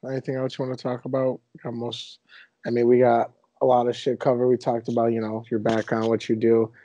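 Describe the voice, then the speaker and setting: A young man in his twenties hosting a casual podcast, telling stories with animated, mock-indignant energy. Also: mid-range voice, brisk, no echo, low-quality recording. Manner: animated storyteller, exaggerated indignation. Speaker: podcast host.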